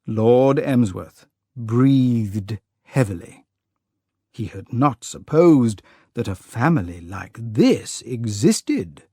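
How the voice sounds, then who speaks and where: Guy reading a funny story really slow and clear, voice goes up and down a lot, dry close mic. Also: mid-range voice, sing-song, mellow, no echo. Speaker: audiobook narrator. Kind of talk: scripted narration for language learners.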